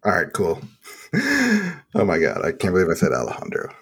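A man from Texas hosting a casual gaming podcast, laughing often and making animated asides. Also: low-pitched, moderate pace, slightly rough. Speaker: podcast host.

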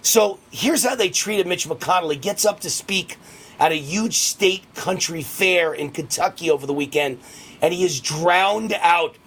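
A man hosting a political talk radio show, delivering a rapid, heated ranting monologue. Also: sits high, a bit bright, slight background noise.

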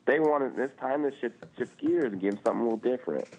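A man's voice: mid-range voice, fast. A man co-hosting a podcast, ranting casually and swearing often, with lots of "like" fillers. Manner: animated, swearing, frequent "like" fillers. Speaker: podcast co-host. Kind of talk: casual chat. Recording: tinny phone-like line.

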